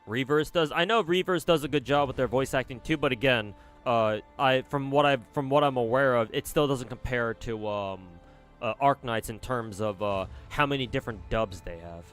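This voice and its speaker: A man's voice: medium pitch, normal speed, a bit bright, faint music behind. A young man streaming games, rambling casually, swearing and answering chat messages. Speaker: gacha game streamer.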